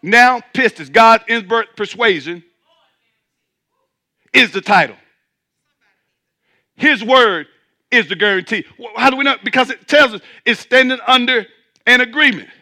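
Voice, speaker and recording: A man's voice: extremely high pitch, a little slow, long pauses, sharp tone. A man preaching a sermon as pastor, emphatic, repeating words as he restarts and calling out to his listeners. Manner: calls out to the congregation.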